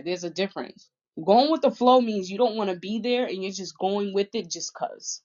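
A woman speaking candidly and bluntly in a personal vlog, getting emotional as she talks about family and moving on. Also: lowish voice. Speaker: vlogger. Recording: dull lo-fi audio.

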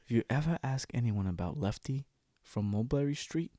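A man voicing an older, territorial mobster in a low, firm, boastful tone. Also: animated, moderate pace, mellow, dry recording, clean studio sound, lightly acted.

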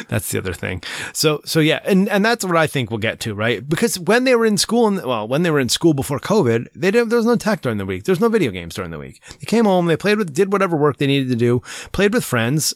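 Rambling middle-aged dad, dry sound. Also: male voice, fairly high pitch, quick pace, hardly any pauses, no room sound. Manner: rambling, animated retelling with quoted voices. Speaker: parent. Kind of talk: casual chat.

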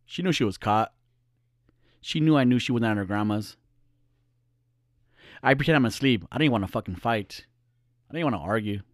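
A man's voice: medium pitch, lively intonation, normal speed, long pauses, dry recording, clean studio sound. Blunt, cursing middle-aged male storyteller. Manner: blunt, profane, acts out the voices. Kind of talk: casual personal storytelling.

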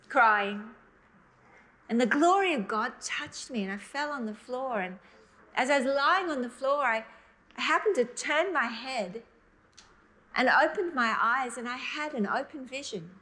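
Earnest and full of emotion, a middle-aged woman delivers a sermon in a voice that sits high. Her delivery surges forward in bursts before easing into soft, stretched-out emphasis.

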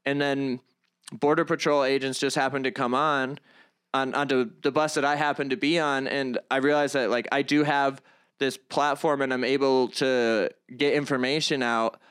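Earnest halting young man, smooth voice. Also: medium pitch, fairly even intonation, fairly bright tone. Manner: halting, many restarts and fillers, earnest. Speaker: guest, comedian and activist vlogger. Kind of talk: conversational interview.

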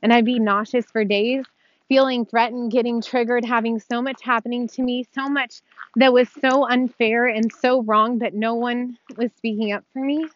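A woman's voice: on the high side, fairly even intonation, normal speed, no echo, highs cut off. A woman telling her own story of abuse and recovery in a heartfelt monologue, earnest and emotional, talking straight to her viewers with small laughs. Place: outdoors on a dirt road.

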